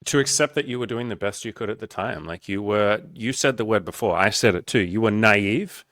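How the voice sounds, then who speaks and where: Earnest low-voiced man coaching. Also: brisk, fairly bright tone, no echo, clean studio sound. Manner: earnest, explanatory, acts out quoted self-talk. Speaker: dating coach and podcast host. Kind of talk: casual podcast conversation.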